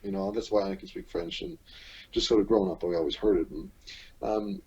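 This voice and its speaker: A tired Canadian man joins a podcast by phone as a guest, ranting casually in a blunt, profane way. His low, husky, mellow voice moves fairly quickly, and the phone line sounds muffled.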